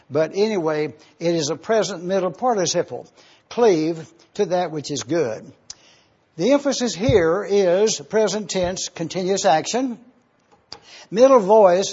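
A man preaching a sermon, explaining Greek words slowly and spelling them out letter by letter. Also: fairly high pitch, a little mellow, husky, dull audio. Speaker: pastor. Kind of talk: sermon with Greek word study.

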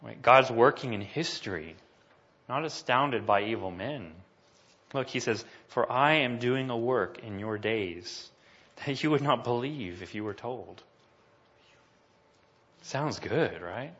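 A man's voice: mid-range voice, a little slow, fairly bright tone, lo-fi sound. A man preaching a sermon, reading scripture passages aloud with rising emphasis and talking casually to the congregation between them. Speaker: pastor.

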